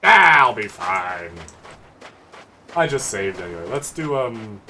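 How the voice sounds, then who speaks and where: A streamer plays a video game and jokes around casually, swearing freely. His voice is lowish with big pitch swings, slow, pushed and bright. Game music plays behind him, with slight background noise.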